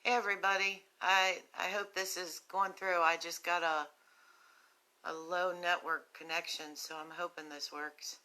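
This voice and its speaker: A woman with a West Virginian accent hosting a live stream for a recovery nonprofit, talking slowly and gently with many ums while sick with a cough and a cough drop in her mouth. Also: lowish voice, little pitch movement, smooth. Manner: slow, gentle and compassionate, with frequent ums. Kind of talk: earnest live-stream talk to viewers.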